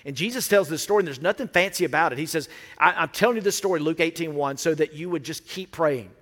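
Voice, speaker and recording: Male pastor, sermon delivery, a touch high-voiced, chatty with joking asides, reverberant church hall. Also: fast talker, a bit bright. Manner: conversational, with playful asides and acted-out quotes. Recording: echoey hall with long reverb.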